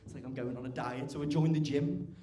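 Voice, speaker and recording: A teenage man doing stand-up on a club stage, chatty and quick to ask "right?". His voice is mellow and darkish, and the hall around him rings. He gets loud when he acts out scenes. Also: mid-range voice, fairly even intonation, a little hiss or hum. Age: teens. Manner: chatty, keeps asking "right?", bursts loud for acted bits. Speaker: stand-up comedian. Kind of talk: stand-up comedy routine. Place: large comedy club stage. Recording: echoey live club room.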